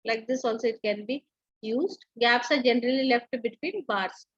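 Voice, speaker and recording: A woman's voice: on the high side, normal speed, no room sound, lo-fi sound. A woman teacher giving an online lecture, explaining step by step with frequent fillers and restarts.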